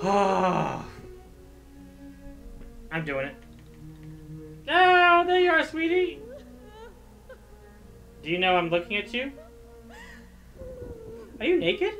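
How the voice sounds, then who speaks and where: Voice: mid-range voice, big pitch swings, drawn-out words, long pauses, fairly bright tone, soft background music. A gaming streamer giving jumpy, joking commentary on a horror game. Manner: jumpy, exclaiming, joking at the screen. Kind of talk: let's play commentary.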